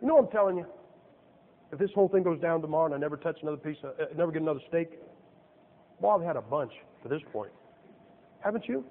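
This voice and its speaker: A man's voice: fairly high pitch, lively intonation, fast, pauses often. A middle-aged man preaching a sermon in a folksy, joking way, full of rhetorical questions. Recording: tinny, echoey church recording.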